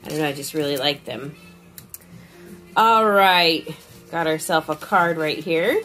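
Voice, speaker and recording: A woman's voice: deep voice, a little slow, pauses often, fairly bright tone, faint music behind. A woman vlogger chatting casually as she opens gifts and reads cards aloud, gushing with frequent exclamations. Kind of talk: casual chat.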